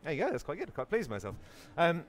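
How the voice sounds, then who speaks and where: A man hosting a live masterclass for an audience, playful and quick to tease. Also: huge pitch swings. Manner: playful, puts on a booming movie trailer voice. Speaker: workshop host. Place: event hall with an audience.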